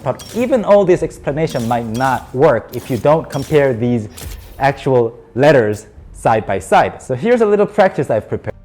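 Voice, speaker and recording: A man's voice: mid-range voice, sing-song, normal speed, a little mellow, faint music behind. A man teaching a pronunciation lesson, patiently explaining and demonstrating syllables aloud. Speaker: language teacher.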